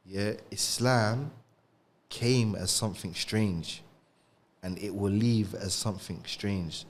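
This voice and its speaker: A young man, co-hosting a podcast and talking casually about faith in street slang, often adding "bro" and "you get me". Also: on the low side. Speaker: podcast co-host. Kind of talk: casual religious discussion.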